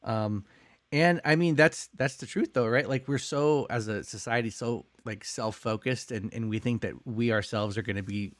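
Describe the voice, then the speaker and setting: A man's voice: medium pitch, normal speed, dry recording. A young adult man co-hosting a podcast, joking and thinking aloud in casual faith discussion. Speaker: podcast co-host.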